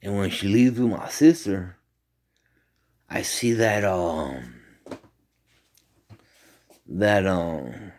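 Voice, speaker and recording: Low-voiced man rambling through a story. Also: drawn-out words, long pauses. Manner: animated, profane, rambling. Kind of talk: casual retelling of a dream.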